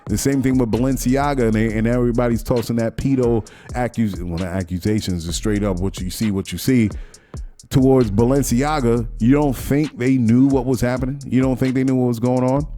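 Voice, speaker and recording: A man's voice: mid-range voice, fairly even intonation, brisk, mellow, faint music behind. A man hosting his own podcast, giving a rambling solo commentary with lots of restarts while sniffling from a cold. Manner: repetitive restarts, mocking quoted voices. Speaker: podcast host.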